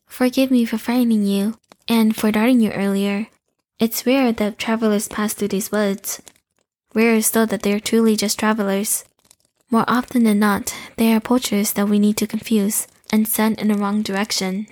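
A woman voicing a young female shapeshifter in an audio drama, speaking in a calm, courteous and measured way. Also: mid-range voice, no room sound, close to an everyday voice.

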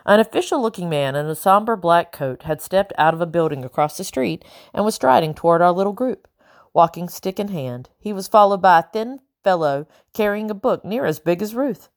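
A woman narrating a first-person audiobook in a steady, measured storytelling style on a close studio mic. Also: fairly low pitch, no echo.

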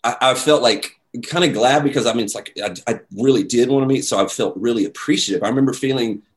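A man telling a story in casual chat, animated, acting out the voices of the people in it. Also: mid-range voice, fast. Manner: animated, acts out quoted voices, many "like"s.

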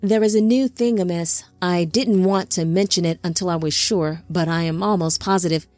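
A woman voicing a remorseful male angelic being who speaks formally and gently. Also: fairly low pitch, no room sound, faint music behind, close to an everyday voice. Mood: solemn. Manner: formal, measured.

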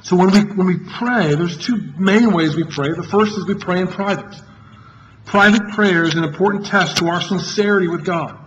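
A pastor preaching a sermon to his congregation in an earnest, emphatic way, repeating key phrases and pausing for effect. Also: sits high, highs cut off, a little hiss or hum.

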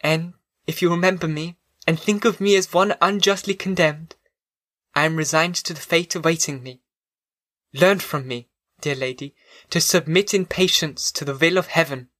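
A man voicing a resigned, gentle young woman prisoner in an audiobook, reading her lines softly and pleadingly. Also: a little high, normal speed, no room sound, clean studio sound, voice pushed up, close to an everyday voice.

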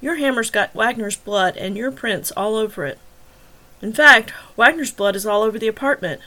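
A woman's voice: a little high, lively intonation, normal speed, sharp tone. A woman reading the lines of a worried middle-aged male detective, blunt and pressing in an interrogation. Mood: angry.

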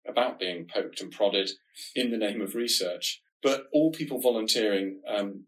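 A man with a nasal voice, co-hosting a podcast and explaining research in a measured, reassuring way. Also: fairly low pitch, poor audio. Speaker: diabetes research podcast co-host.

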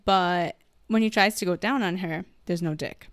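A woman casually recapping a film to a friend, telling it in a lively way with lots of swearing and acted-out lines. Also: fairly low pitch, moderate pace, no echo. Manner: animated storytelling, acting out characters with profanity. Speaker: podcast co-host recapping a film. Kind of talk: casual chat.

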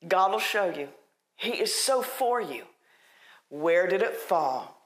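A woman preaching a conversational sermon, emphatic and animated, often repeating her points. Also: lowish voice, slow pace, reverberant. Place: church.

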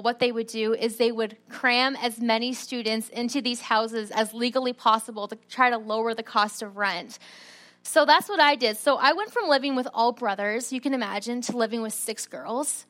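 A woman giving a sermon, telling a personal story in a chatty, animated way. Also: a little high, normal speed. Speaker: preacher.

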